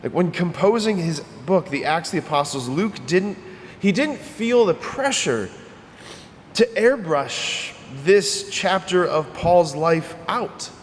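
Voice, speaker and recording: A man's voice: sits high, expressive, slow pace, long reverb tail, a little hiss or hum. A male priest giving a homily in a conversational, emphatic way, often repeating his phrases.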